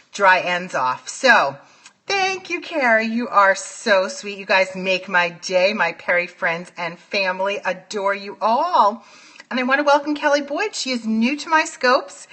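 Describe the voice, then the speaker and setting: A woman's voice: mid-range voice, pushed and bright. A woman with a New York accent hosting a casual phone livestream from home, gushing as she greets viewers by name. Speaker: livestream host.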